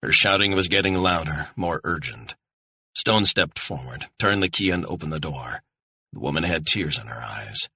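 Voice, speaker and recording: Low husky male audiobook narrator. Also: lively intonation, normal speed, pushed and bright, dry recording, clean studio sound. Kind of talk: scripted thriller narration.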